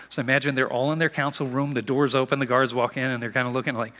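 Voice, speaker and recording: A man preaching a sermon as a pastor, in an animated, conversational storytelling manner, in a church sanctuary. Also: mid-range voice, a little fast, few pauses. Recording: long reverb of a large hall.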